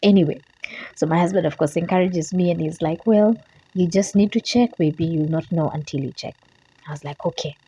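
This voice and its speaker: A young woman speaks straight to camera, recounting events in a loose, emotional way and often repeating herself. Her voice is a little low, dark and husky. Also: a little fast, lo-fi sound. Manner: emotional, repeats herself, quotes her own prayers and talk. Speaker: vlogger. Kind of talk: casual storytelling to camera.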